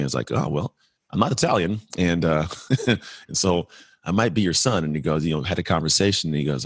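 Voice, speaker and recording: This podcast guest, a Californian in his forties, speaks in a low, slightly rough voice through a dry studio recording. His candid life story comes out earnest and reflective, fast-moving, with frequent restarts.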